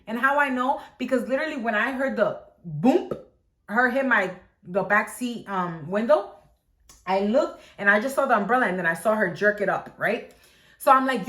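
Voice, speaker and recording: A woman tells a story on her channel in a lively, chatty way, acting out what people said and dropping "like" everywhere. Her voice sits a bit high, and the room gives it a hollow echo. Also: normal speed. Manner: animated, lots of "like", acts out quotes. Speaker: vlogger. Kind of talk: casual storytelling. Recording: echoey room.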